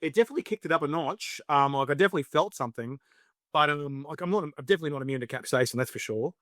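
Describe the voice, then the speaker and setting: Talkative Australian guy, casual interview, bit high, dry recording. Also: racing, a bit bright, no room sound. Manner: chatty, storytelling, lots of fillers and acted quotes. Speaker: podcast guest, spicy food show creator.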